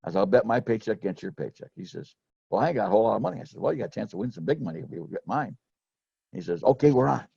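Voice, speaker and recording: A man's voice: lowish voice, big pitch swings, rapid-fire, gravelly, mellow, slightly rough, no room sound, muffled recording. A middle-aged man telling rambling, folksy stories about selling insurance, with lots of restarts. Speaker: former insurance sales manager telling sales stories. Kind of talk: casual storytelling chat.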